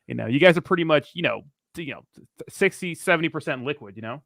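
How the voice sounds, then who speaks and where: A man's voice: a little high, lively intonation, fast, vocal fry, a bit bright, no echo, studio quality. A man in casual podcast chat, brash and emphatic, swearing freely.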